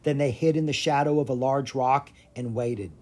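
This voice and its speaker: An audiobook narrator giving an expressive storybook reading. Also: medium pitch, normal speed.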